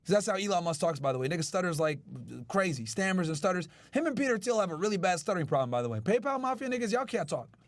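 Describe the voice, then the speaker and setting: A man's voice: sits high, expressive, fast, no echo. A male podcast host in casual chat with his live chat, brash and profane. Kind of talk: casual chat reacting to news.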